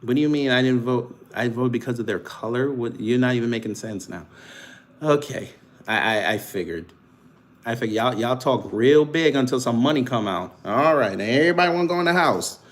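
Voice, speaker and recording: A man's voice: mid-range voice, expressive, brisk. A man hosting a live stream, teasing and taunting his chat with casual banter and frequent laughs.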